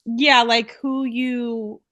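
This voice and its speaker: Slow-talking woman asking a question. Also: on the high side, flat delivery, bright, forceful tone. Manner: hesitant, halting phrasing. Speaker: training attendee asking a question.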